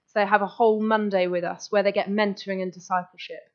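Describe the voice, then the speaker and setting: A woman speaking to a gathered audience in a keen, conversational way, often breaking off and restarting her thoughts. Her voice sits at an ordinary middle pitch. The recording is dull and lo-fi. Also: flat delivery. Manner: enthusiastic, chatty, quick restarts. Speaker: guest speaker. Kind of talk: live talk to an audience. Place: meeting room with audience.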